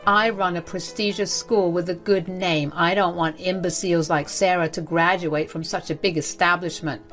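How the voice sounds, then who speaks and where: Woman voicing a scornful older woman, school principal, contemptuous, lowish voice, soft music behind. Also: steady tone, moderate pace, lightly acted. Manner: cold and contemptuous.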